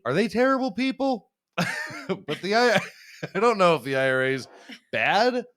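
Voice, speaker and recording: A man's voice: mid-range voice, normal speed, fairly bright tone, clean tone. A young man hosting a podcast, rambling and swearing freely, often laughing at himself. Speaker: podcast host. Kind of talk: casual chat.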